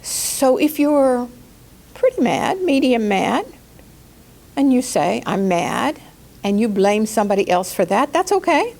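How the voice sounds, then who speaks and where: A woman life coach giving a calm spoken lesson, slowing down to stress key words and acting out quoted outbursts in a raised voice. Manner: calm, gentle delivery with slow deliberate emphasis; acts out quoted outbursts in a higher, louder voice. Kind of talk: spoken teaching talk.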